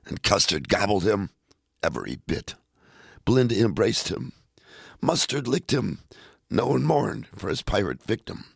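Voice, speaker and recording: Deep gravelly man reading poems aloud. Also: unhurried, long pauses, no echo, studio quality. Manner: playful, expressive read-aloud delivery.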